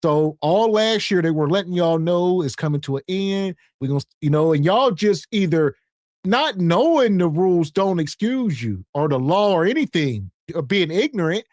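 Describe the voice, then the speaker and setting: Podcast host guy, slightly high voice, laid-back and fed up, dry sound. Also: animated, moderate pace, a little mellow, no room sound. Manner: laid-back, exasperated reacting. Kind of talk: casual commentary.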